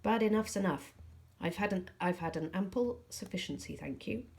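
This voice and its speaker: A woman's voice: medium pitch, expressive, moderate pace, a little mellow, voice pushed up, close to an everyday voice. Woman doing a jokey, cheerful dad. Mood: jolly. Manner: cheerful, joking. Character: jolly, teasing middle-aged dad.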